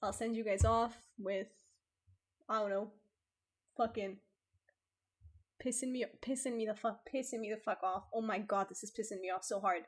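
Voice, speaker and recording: A woman streamer reading a dating game aloud and reacting with animated, sweary frustration. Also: medium pitch, normal speed, pauses often.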